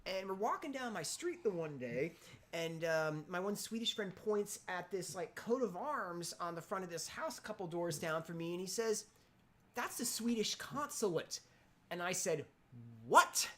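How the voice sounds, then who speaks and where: Woman telling lively anecdotes. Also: lowish voice, moderate pace. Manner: animated anecdote telling with lively quoted reactions. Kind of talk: casual chat.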